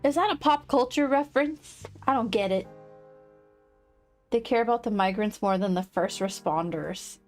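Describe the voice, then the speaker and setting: A woman livestreaming casual chat, rambling and quick to laugh. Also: mid-range voice, a little mellow, faint music behind. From United States.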